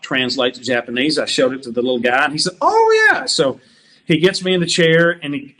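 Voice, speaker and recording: A man's voice: mid-range voice, pushed and bright. A man telling funny road stories as a guest on a talk show, laughing as he goes. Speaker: guest musician. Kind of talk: casual storytelling on a talk show.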